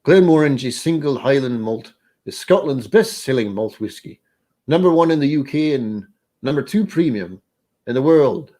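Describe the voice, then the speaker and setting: A whisky label read out in a clumsy mock Scottish brogue, put on by a man. The accent keeps drifting toward English. It sits noticeably higher than the reader's usual low voice. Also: animated, fast, dark tone, natural voice. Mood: mock-grand.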